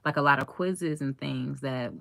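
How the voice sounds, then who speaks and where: Young female life coach, low voice, chatty and laughing, talking straight to her audience in a dry room. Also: normal speed, creaky, fairly bright tone, no room sound. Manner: chatty, laughs often, acts out quotes. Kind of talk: casual chat to a live audience.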